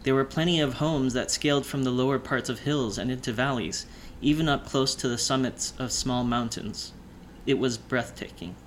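A man reads a first-person audiobook in a measured storytelling manner, his voice pitched in the middle range. Faint noise sits under the recording. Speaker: audiobook narrator.

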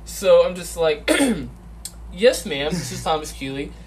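A young man co-hosting a casual chat, telling a story in an animated way, acting out his own lines and swearing freely. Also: a little high, unhurried, a little hiss or hum. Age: young adult. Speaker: podcast co-host.

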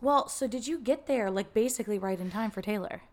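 A woman co-hosting a podcast, chatting casually and reacting with quick interjections and laughter. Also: medium pitch, a little mellow, slight background noise. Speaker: podcast co-host. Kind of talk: casual chat.

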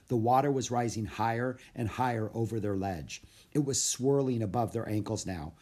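A man reads a children's storybook aloud in a steady, measured voice. His pitch sits in an ordinary middle range. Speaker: narrator. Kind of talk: storybook read-aloud narration.

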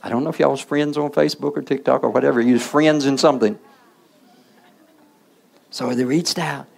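A man's voice: medium pitch, steady tone, brisk, vocal fry, breathy edge. A man preaching a sermon in the role of a preacher, checking in with the congregation through call-and-response asides.

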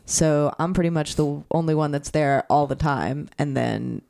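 A woman's voice: sits low, moderate pace, vocal fry, a little mellow, dry recording, studio quality. A young woman co-hosting a podcast in casual chat, rambling and filling her talk with "like". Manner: rambling, fills with "like". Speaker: podcast co-host.

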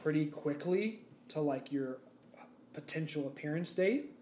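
The young man co-hosting this casual podcast has a high-leaning, somewhat mellow voice and an expressive, unhurried delivery. His story rambles with plenty of fillers, captured in an echoey room where faint background noise lingers.

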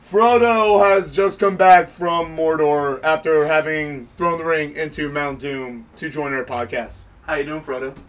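High-pitched guy teasing his buddies on a podcast, sounds a bit far off. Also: steady tone, unhurried, few pauses. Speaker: podcast co-host. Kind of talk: casual chat.

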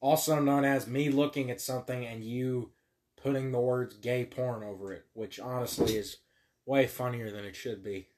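A young man trading crude, teasing banter on a casual podcast. He swears freely and mocks his friend. His voice sits at an ordinary middle pitch. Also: steady tone, normal speed, a little mellow. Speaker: podcast co-host.

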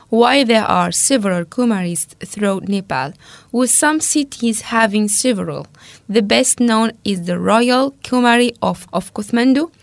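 A woman co-hosting a casual talk, reading researched notes aloud steadily and pausing over hard names. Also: fairly high pitch, vocal fry, dry recording.

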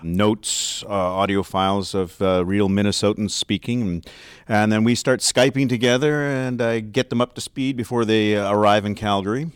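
A low-pitched man answers interview questions as a dialect coach, explaining patiently and filling pauses with "uh". The sound is dry and close, with little room around it. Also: clean tone, no room sound. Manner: explanatory, with frequent fillers. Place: seminar room.

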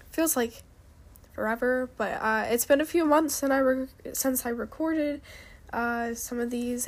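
A young woman chatting casually with hesitant fillers, then reading a story aloud in a soft, hushed voice. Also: a little high. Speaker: story reader.

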